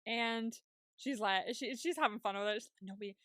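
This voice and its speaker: A woman co-hosting a podcast, retelling a TV episode in casual chat and putting on quick voices for the characters she quotes. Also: on the high side, fairly bright tone, dry recording, clean studio sound. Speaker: podcast co-host.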